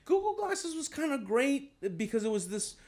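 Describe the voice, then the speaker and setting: A man's voice: very high-pitched, very animated, moderate pace, a little mellow. A man in his thirties, a guest comedian, chatting casually and telling rambling stories with frequent laughs. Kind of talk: casual chat.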